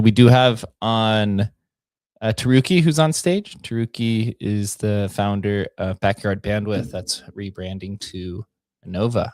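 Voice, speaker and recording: A man's voice: fairly low pitch, darkish tone, no echo. A man hosting a casual group audio chat, upbeat and enthusiastic as he brings people in and gives updates. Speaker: host.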